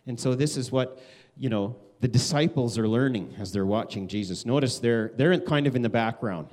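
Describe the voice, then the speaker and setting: Guy preaching a sermon, chatty and animated, jumps way up when he acts out quotes. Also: brisk. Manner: animated, conversational, acts out quotes with big pitch swings. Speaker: pastor.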